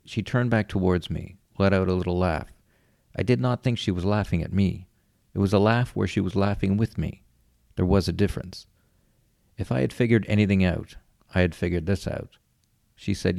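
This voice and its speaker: A man calmly narrating a first-person story in a measured, plain way. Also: deep voice, vocal fry, dry recording.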